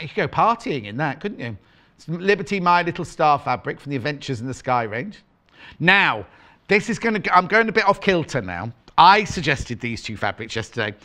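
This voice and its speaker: A man's voice: fairly high pitch, fairly bright tone. A male TV sewing-show host presenting fabrics in a gushing, rambling way, often breaking off mid-sentence. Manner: gushing, rambling, self-interrupting. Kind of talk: live shopping-channel presenting.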